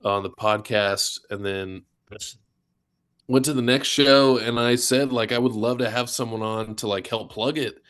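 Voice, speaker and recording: A man, a wrestling announcer, guesting on a podcast and telling stories in a relaxed, filler-filled way. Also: mid-range voice, a little slow, smooth. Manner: relaxed storyteller, filler-heavy. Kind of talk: casual chat.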